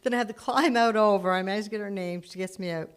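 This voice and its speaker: A woman telling a personal story at a live storytelling event, animated, with dramatic swings in loudness. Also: medium pitch, fast talker, smooth.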